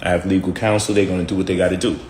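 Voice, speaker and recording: A man's voice: deep voice, level tone, racing, a little mellow, roomy sound, a little hiss or hum. A man making an emphatic recorded statement and repeating key phrases for effect.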